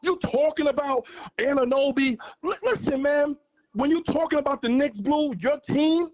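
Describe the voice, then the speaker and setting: A man's voice: extremely high pitch, normal speed, lo-fi sound. A man calling in to a sports show, arguing passionately and hammering his points through repetition. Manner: passionate, argumentative, repeats points for emphasis. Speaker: guest caller on a fan livestream. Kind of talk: heated sports debate.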